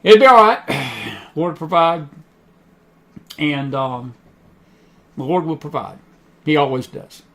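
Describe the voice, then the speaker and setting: A man with a high, light voice hosts an online talk show from what sounds like a home studio. He talks in a loose, chatty way, trailing off and restarting often, with plenty of ums and uhs between his thoughts. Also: expressive, slow pace, pauses often, pushed and bright. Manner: chatty, rambling, many fillers. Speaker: host. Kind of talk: casual talk show monologue.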